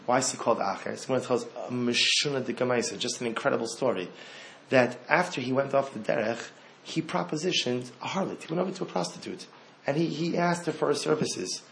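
A man giving an animated Torah talk. He repeats phrases and swings from hushed to loud. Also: mid-range voice, a little fast, vocal fry, a little hiss or hum.

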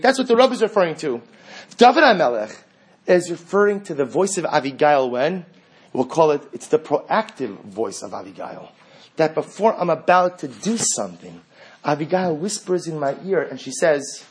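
A man's voice: on the high side, lively intonation, fairly quick, husky. A man teaching a religious class, earnest and fond of rhetorical questions.

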